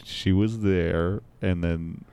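A man in casual podcast chat, telling stories in a laid-back, animated way. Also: deep voice, slow, smooth.

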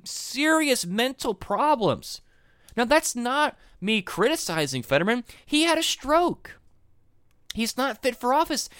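A man hosting a podcast, giving solo political commentary in a rambling, animated way and often repeating himself. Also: high voice, no room sound, clean studio sound. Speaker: podcast host.

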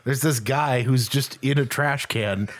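A man co-hosting a podcast in casual chat, an animated storyteller who swears freely. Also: medium pitch, measured pace. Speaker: podcast co-host. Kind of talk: casual chat, anecdote telling.

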